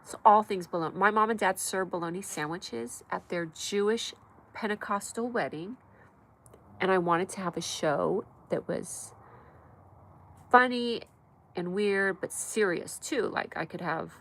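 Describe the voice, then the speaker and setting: An American woman with a stuffy nose, chatting fast and casually while hosting her live comedy stream from home. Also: medium pitch, a bit bright, poor audio. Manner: fast, chatty, talks to pets and viewers.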